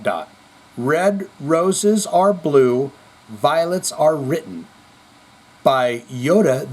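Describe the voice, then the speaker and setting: A man's voice: medium pitch, a little mellow. A male show host telling jokes and rambling through a casual, profane comedy monologue. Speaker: podcast host.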